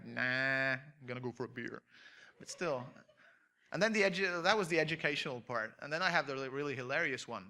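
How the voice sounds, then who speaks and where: A man with a fairly high, bright voice tells a comic story to an auditorium audience. He acts out the voices of the people in it and laughs along as he goes. His storytelling stays animated throughout. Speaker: convention panel speaker. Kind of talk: comedic anecdote to an audience.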